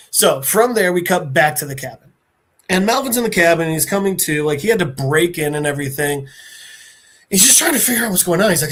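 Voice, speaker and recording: Animated man recapping a comic. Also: a little high, fast. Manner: animated retelling, acting out characters' lines. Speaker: podcast host.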